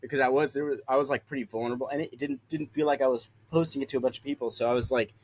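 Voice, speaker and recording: A man's voice: mid-range voice, fairly even intonation, rapid-fire, darkish tone, slightly rough. A young man, a solo sailor guest on a podcast, talking in a laid-back way and laughing easily. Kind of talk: casual conversation. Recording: faint background noise.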